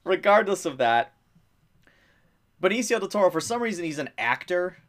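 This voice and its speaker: A young man chatting casually as a podcast co-host, rambling with lots of fillers, getting excited and swearing freely. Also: high voice, moderate pace. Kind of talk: casual chat.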